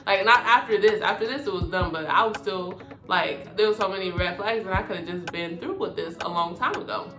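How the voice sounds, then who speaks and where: A woman telling a personal story to her viewers in a casual monologue, animated and full of cursing. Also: mid-range voice, brisk. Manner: animated, profane, talks straight to viewers. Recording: echoey room with music behind.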